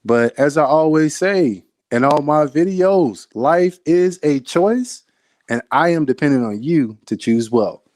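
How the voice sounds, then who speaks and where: A man's voice: mid-range voice, expressive, unhurried, few pauses, a little mellow, no echo. Emphatic man giving a motivational talk. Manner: emphatic, repeats phrases, speaks directly to the viewer. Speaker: soldier giving motivational talks.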